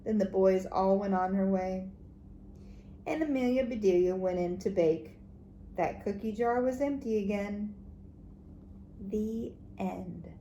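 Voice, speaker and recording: A woman teacher reading a children's book aloud, animated and expressive, with soft whispered asides to the listeners. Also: mid-range voice, unhurried, long pauses, lo-fi sound. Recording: echoey room, faint background noise.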